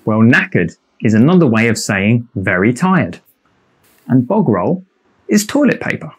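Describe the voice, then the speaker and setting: Man, lesson narrator; husky, very animated pitch; explains words with examples. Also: unhurried. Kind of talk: scripted vocabulary lesson.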